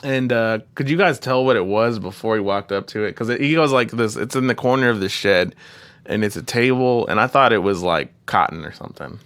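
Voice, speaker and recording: A young man co-hosting a casual movie podcast, animated and quick to laugh and swear. His voice sits on the low side, and the recording is dry and close with no room sound. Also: clean tone, no echo. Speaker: podcast co-host.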